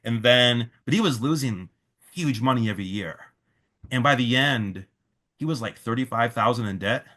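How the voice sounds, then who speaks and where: A festival organizer tells a long story in a casual interview, quoting others in his own voice amid plenty of fillers and restarts. His medium-pitched, fairly bright voice is expressive and moves at a normal speed.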